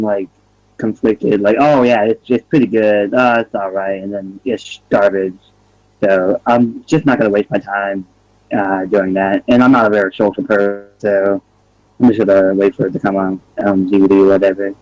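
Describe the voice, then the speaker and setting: A man's voice: on the low side, fairly even intonation, moderate pace, a little mellow, no room sound. A man chatting in an online hangout, blunt and profane, with lots of filler words. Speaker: hangout guest. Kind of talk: casual online hangout chat. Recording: dull, dry lo-fi mic.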